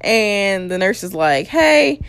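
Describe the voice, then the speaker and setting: A woman's voice: lowish voice, moderate pace. A young adult woman casually telling her birth story, candid and blunt, with crude humor and frequent laughs.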